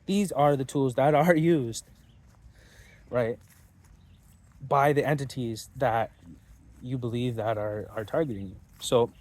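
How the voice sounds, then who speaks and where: A man's voice: medium pitch, slow, long pauses, darkish tone. A man talking straight to his viewers in a casual monologue, blunt and combative, swearing freely. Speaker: channel host.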